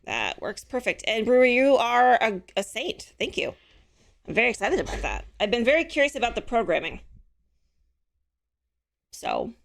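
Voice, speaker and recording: A woman hosting a casual live stream, chatting with viewers and answering their messages, her voice a little hoarse. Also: fairly high pitch, wildly swooping pitch, moderate pace, long pauses. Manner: chatty, friendly, answers chat messages aloud. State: slightly hoarse.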